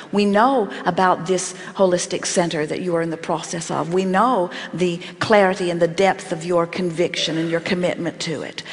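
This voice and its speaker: Woman speaking as "we" in a reverberant hall. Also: medium pitch. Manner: speaks as "we", measured and emphatic. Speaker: channeled spiritual teacher speaking as a collective. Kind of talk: inspirational workshop talk.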